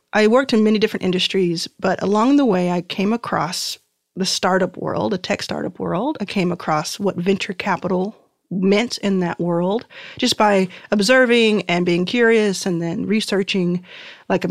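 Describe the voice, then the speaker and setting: A woman's voice: medium pitch, a little slow, no room sound. Brief: woman, late 30s, investor guest, easy reflective delivery, dry close sound. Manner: relaxed, reflective, with fillers. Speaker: guest, venture capitalist. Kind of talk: interview conversation.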